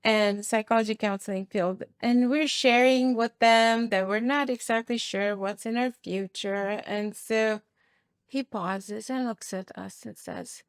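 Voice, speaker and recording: A woman's voice: a little high, steady tone, measured pace, clean tone, no echo, clean studio sound. A woman guest on a podcast, sharing a family story and laughing lightly. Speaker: guest, family ministry worker. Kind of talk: casual storytelling.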